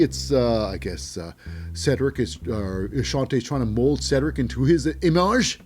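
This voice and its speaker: A man recaps a wrestling episode in a loose, cynical monologue, wandering between thoughts and stumbling over fillers. His pitch jumps about a lot as he talks. Faint guitar music plays behind him. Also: expressive, normal speed, darkish tone. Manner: cynical, rambling, with hesitant fillers and mocking voices for the wrestlers. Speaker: wrestling show host. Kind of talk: casual recap commentary.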